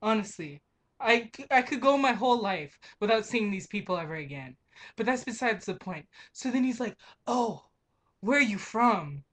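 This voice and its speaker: Young woman venting about her job, fed up and sweary, kinda high voice. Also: expressive, a little fast. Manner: exasperated, profane, emphatic ranting. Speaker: grocery clerk. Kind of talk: ranting vlog monologue.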